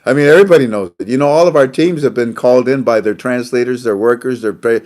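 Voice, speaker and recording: Man, host, casual monologue, rambling, repeats himself, middle pitch. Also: quick pace, darkish tone. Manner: rambling, repeats phrases, laughs often.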